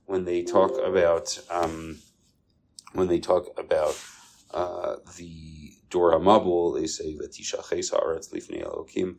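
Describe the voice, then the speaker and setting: Man, gravelly voice, informal Torah talk, stories and fillers. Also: low-pitched, level tone, a little slow, darkish tone, poor audio. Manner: storytelling with many fillers and Hebrew terms. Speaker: Torah teacher.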